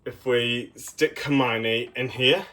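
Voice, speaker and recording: A man's voice: mid-range voice, fairly even intonation, takes it slowly, pushed and bright. A young man giving a casual review of a toy set, rambling and hesitant with many ums.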